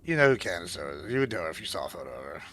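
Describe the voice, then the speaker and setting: A man's voice: low-pitched, very animated, racing, a bit bright, a little hiss or hum. A man streaming a game, chatting casually in a rambling, crude way with plenty of swearing and fillers. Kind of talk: casual chat while gaming.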